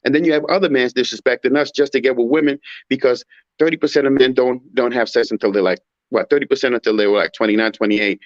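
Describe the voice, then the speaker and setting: A man's voice: mid-range voice, fairly even intonation, quick pace, no echo. A man in casual talk giving emphatic, rhetorical opinions and mimicking others in a raised voice. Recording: dull muffled audio.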